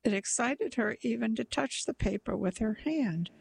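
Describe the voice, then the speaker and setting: A woman narrating a literary short story aloud in a slow, measured, softly dramatic way. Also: fairly high pitch, lively intonation, creaky, breathy edge, rough recording.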